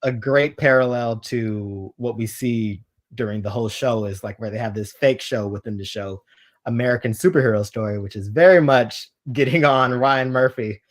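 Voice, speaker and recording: A man's voice: medium pitch, moderate pace. A man who is a guest on a podcast, chatting casually in an easygoing way, with many fillers.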